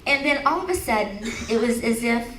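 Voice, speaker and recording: A woman's voice: on the high side, animated, fairly quick, fairly bright tone, slight background noise. Storytelling woman speaker in an echoey hall. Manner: storytelling, laughing, leading the audience in affirmations. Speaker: speaker at an expo. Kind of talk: motivational talk to a live audience. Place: large hall at an expo. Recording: echoey hall recorded from a distance.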